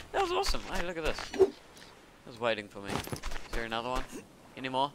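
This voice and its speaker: A man giving casual commentary as he plays a game, excitable and talking to himself, with sudden yelps and laughs. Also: medium pitch, a little fast, very noisy. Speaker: gaming video creator.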